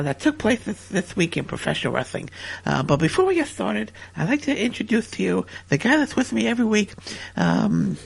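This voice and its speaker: A man hosts a comedy podcast with a high, gravelly voice. He rambles and stammers, doubling back over his own words and chuckling as he goes. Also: slight background noise. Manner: stammering, repetitive, chuckling storyteller. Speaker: podcast host.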